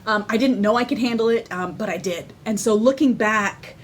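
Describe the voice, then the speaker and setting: A woman talking casually to the camera, excitable and candid, often laughing as she tells her story. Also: on the high side, normal speed, a little hiss or hum. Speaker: vlogger sharing her personal story.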